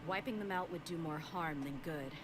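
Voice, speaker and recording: A woman's voice: low-pitched, normal speed, slight background noise, close to an everyday voice. An actress playing a tough, blunt female mercenary in a game, talking in an easygoing, direct way.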